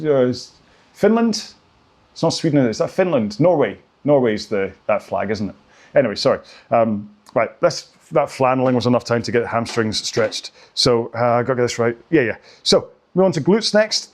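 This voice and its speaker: Chatty man coaching stretches. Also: medium pitch. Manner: chatty, rambling, giggly asides. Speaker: rowing workout instructor. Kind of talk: casual follow-along coaching. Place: home rowing studio with a fan running.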